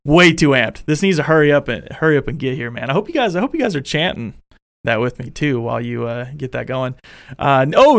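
A young man hosting a casual sports fan show, excitable and rambling, full of restarts. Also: on the high side, fast talker, no echo, clean studio sound. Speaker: podcast host.

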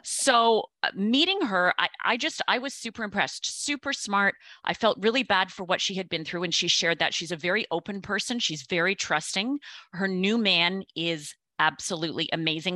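A woman's voice: fairly low pitch, pushed and bright, no room sound. A middle-aged woman chatting casually as a podcast guest, telling stories and acting out what others said. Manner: chatty storyteller, acts out quoted voices. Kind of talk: casual chat.

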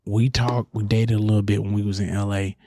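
A young adult man, a comedian guest, telling a slangy, animated story on a podcast. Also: fairly low pitch, fairly quick. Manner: animated, slangy, acts out scenes.

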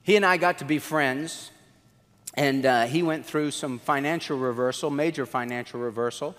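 A man pastor preaching a sermon, telling the story in an animated way and acting out the quotes. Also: moderate pace, in a large hall. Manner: animated storytelling, acts out quotes with swings in pitch.

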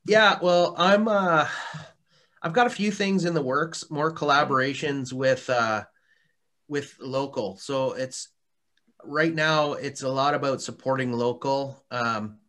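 A man talks as a guest in a casual podcast interview, his voice bright and clear at an ordinary pitch. He rambles along with frequent restarts and fillers and laughs often. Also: slow pace. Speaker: interview guest, hot sauce maker.

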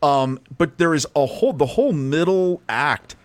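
A man's voice: fairly high pitch, expressive, normal speed, no room sound. A man co-hosting a podcast, chatting casually and enthusiastically about films, often restarting his sentences. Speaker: podcast co-host. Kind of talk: casual movie chat.

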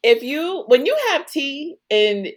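A woman's voice: high-pitched, expressive, takes it slowly. A woman co-hosting a casual chat, laughing often and acting out quotes as she recaps a show. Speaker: podcast co-host.

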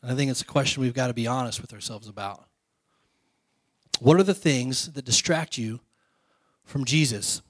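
A male pastor giving a conversational sermon, asking the congregation questions and dropping to soft, quiet lines. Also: mid-range voice, moderate pace, pauses often, no room sound.

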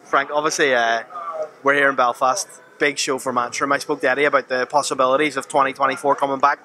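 Brisk interviewer. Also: male voice, mid-range voice, level tone, bright, forceful tone, a little hiss or hum. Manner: upbeat, joking questioner. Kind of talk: casual sports interview.

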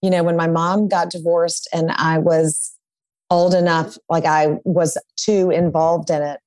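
A woman's voice: lowish voice, level tone, measured pace, darkish tone, dry recording. A woman appearing as a divorce attorney guest on a podcast, talking in a reflective, candid way. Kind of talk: conversational interview.

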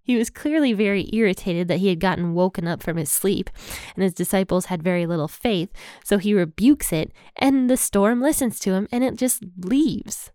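A woman hosting a Bible podcast, walking through verses in a relaxed, conversational way with everyday phrasing. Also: fairly low pitch, smooth, no room sound, studio quality. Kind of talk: casual Bible study teaching.

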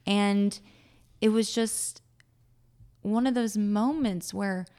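Gravelly-voiced woman telling her story. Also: mid-range voice, slow. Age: late 30s. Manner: animated, acts out her own quoted thoughts. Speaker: guest. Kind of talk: casual interview storytelling.

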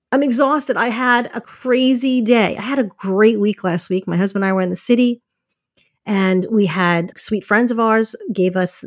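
A woman hosting a podcast, chatting casually about rest and faith, lively and laughing often as she acts out little quotes. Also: mid-range voice, dry recording, studio quality. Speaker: podcast host. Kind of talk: casual faith-based self-care talk.

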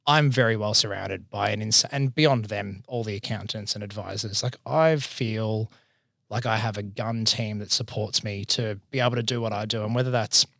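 A man's voice: lowish voice, normal speed, vocal fry, no echo, clean studio sound. Candid Australian man telling stories. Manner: lively, candid, with casual swearing. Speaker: accounting firm partner, podcast guest. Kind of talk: casual storytelling in conversation.

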